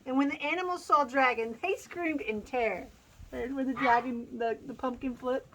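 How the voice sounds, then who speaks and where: A woman's voice: high voice, moderate pace, noisy background. A woman hosting a casual picture-book read-aloud outdoors on a farm, laughing often and making playful asides to her animals.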